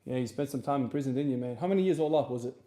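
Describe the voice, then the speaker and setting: A man from South Australia with an Australian accent, chatting casually on a livestream between gym sets and answering questions from chat in a relaxed, rambling way. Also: medium pitch, rapid-fire. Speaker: streamer and lifter.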